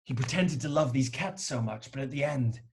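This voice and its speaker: A man's voice: mid-range voice, lively intonation, brisk, darkish tone, lightly acted. Trevor Triplehorn, a man playing a bumbling detective. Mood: bossy. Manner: bossy and blunt. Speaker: improv performer. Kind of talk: live improv comedy.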